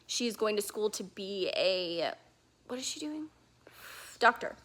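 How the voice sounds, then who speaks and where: Bright, gushing woman rambling about books. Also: mid-range voice, expressive, slow pace. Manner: rambling, gushing, with many fillers and restarts. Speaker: book vlogger. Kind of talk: casual reading vlog chat. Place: living room couch at home. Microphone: handheld camera.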